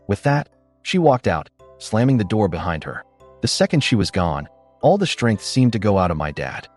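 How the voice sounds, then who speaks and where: A man giving scripted, expressive narration of a first-person story. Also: fairly low pitch, moderate pace, soft background music.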